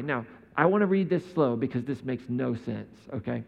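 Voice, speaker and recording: A man's voice: mid-range voice, animated, moderate pace, gravelly, few pauses. Conversational male preacher in a hall. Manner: conversational, rhetorical questions. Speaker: pastor. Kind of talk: sermon. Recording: dull sound in a reverberant hall.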